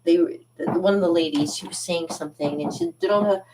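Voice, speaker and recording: A chatty Canadian woman hosting her own cartooning channel talks straight to her viewers, rambling and getting sidetracked. Her voice sits a little low, and she sounds a bit far from the microphone. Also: fast, noisy background. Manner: rambling, sidetracked, laughs often. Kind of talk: casual chat to viewers.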